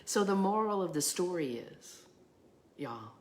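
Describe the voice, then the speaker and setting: A woman's voice: on the low side, animated, measured pace. A woman minister giving a sermon, telling a story with animation and acting out the voices in it. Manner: drops to a soft hush at the close.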